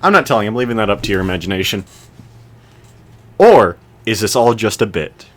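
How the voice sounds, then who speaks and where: A man's voice: fairly low pitch, very animated, a little fast. A young man just over eighteen co-hosting a podcast, tossing out dry, teasing quips in casual banter. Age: young adult. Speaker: podcast co-host.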